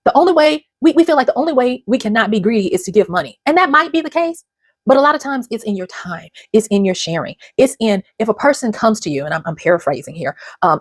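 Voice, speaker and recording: Emotional woman in her fifties, husky. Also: mid-range voice, dry recording. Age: 50s. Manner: earnest and emotional, breaking into tears. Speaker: channel host. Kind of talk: personal motivational talk to camera.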